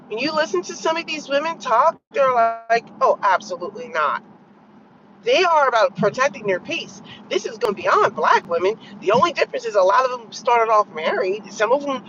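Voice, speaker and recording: In an opinionated commentary vlog, a woman tells a story bluntly and with exasperation, acting out her own retorts with sharp jumps in pitch. Her storytelling is animated. The audio sounds dull, with a little hiss or hum.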